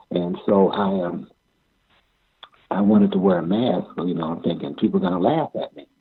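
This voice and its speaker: An older man telling stories from his wrestling career in an interview, halting and repeating himself, often chuckling. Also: low voice, breathy edge. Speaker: amateur pro wrestler. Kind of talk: interview storytelling. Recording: tinny phone-like sound.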